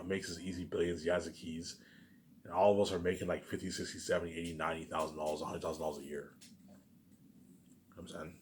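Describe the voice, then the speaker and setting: Male vlogger with a lowish voice and a rapid delivery. Delivers a heated, profane, repetitive monologue full of restarts. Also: fairly bright tone, slight background noise. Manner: repetitive, profane, keeps asking "you know what I'm saying"; heated, restarts and stammers often. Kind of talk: rambling personal monologue.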